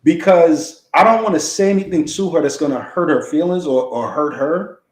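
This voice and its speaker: A man with a slightly raised voice, talking things through in a relaxed, colloquial way and thinking aloud as he goes. The recording carries a noticeable room echo around him. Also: fairly high pitch, moderate pace. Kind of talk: casual chat. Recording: roomy echo.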